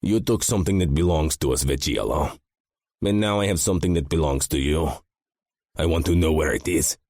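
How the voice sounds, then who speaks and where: A man's voice: a bass voice, fairly quick, a little mellow, no echo, studio quality. A man voicing a taunting adult male Russian mobster with a Russian accent. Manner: sneering, taunting.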